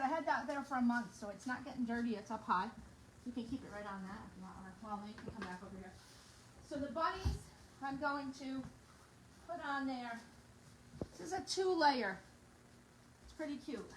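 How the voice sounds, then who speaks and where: A bubbly middle-aged woman talks through a craft project in her kitchen, chatting as she works. Her voice sits a little high. There is a faint hum of noise behind her. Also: poor audio. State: out of breath. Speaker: craft vlogger. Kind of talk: casual demo chat. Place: home kitchen.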